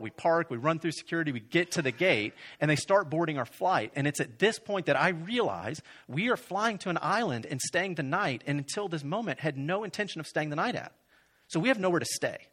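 A young man from Florida tells a comic story to an audience. His voice sits at a middle pitch but swings up sharply when he plays his own outraged replies. He acts out each person in the story as he goes. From Florida, USA. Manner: animated, acts out both sides of a conversation. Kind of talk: stand-up storytelling.

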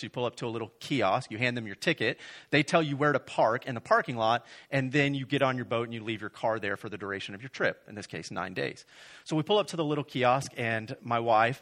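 A young man from Florida tells a comic story to an audience. His voice sits at a middle pitch but swings up sharply when he plays his own outraged replies. He acts out each person in the story as he goes. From Florida, USA. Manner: animated, acts out both sides of a conversation. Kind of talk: stand-up storytelling.

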